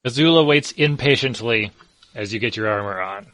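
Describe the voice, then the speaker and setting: A man's voice: mid-range voice, normal speed, bright, forceful tone, no room sound, poor audio. A man narrating as game master of a tabletop game, casual and hesitant with fillers.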